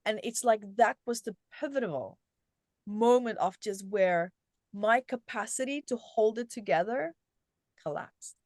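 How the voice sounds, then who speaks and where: A woman's voice: fairly high pitch, a little slow, no echo, studio quality. Middle-aged woman telling her story animatedly. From South Africa. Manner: animated, with frequent restarts. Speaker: guest, self-help author. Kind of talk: conversational storytelling.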